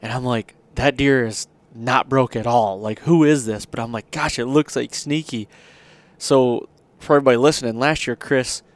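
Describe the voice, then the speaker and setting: A man's voice: medium pitch, moderate pace, dry recording. A man hosting a podcast, telling a long hunting story in a rambling, casual way with lots of fillers. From Michigan. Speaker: podcast host.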